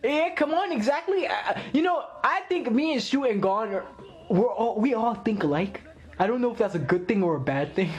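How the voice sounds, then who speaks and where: A man hosting a live anime reaction video, excitable, laughing often and talking straight to his viewers. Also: very high voice, moderate pace.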